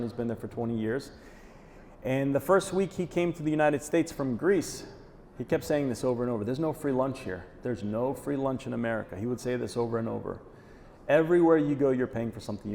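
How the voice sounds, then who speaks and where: In a reverberant conference hall with faint noise, a presenter delivers a direct, punchy live talk, regularly pausing to ask "okay?" He speaks a little fast in a mid-range, darkish voice.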